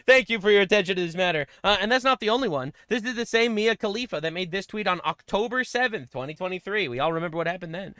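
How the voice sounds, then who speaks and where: A man hosting a political stream, reacting to clips with mockery and profanity, breaking into loud sarcastic outbursts. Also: sits high, expressive, fast, few pauses, smooth, no room sound, studio quality.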